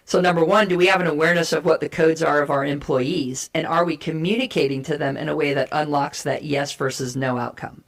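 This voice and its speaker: Energetic gravelly-voiced woman explaining. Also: low-pitched, brisk, hardly any pauses. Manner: energetic, persuasive, emphatic teaching. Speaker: guest speaker on communication. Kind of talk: animated explanatory talk with role play.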